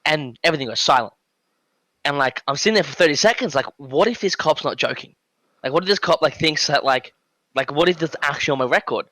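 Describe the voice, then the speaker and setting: Fast and slightly high, the voice belongs to a young adult Australian man guesting on a casual podcast. He narrates a story with energy, voicing the dialogue himself and dropping in many fillers, with no echo in the recording.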